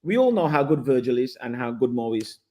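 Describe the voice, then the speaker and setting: A man's voice: mid-range voice, sing-song, fairly quick, darkish tone. A man, a guest on a football chat show, pressing his argument and cutting in to hold his ground. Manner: persistent, interrupts to press his point. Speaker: guest pundit. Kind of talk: casual football debate.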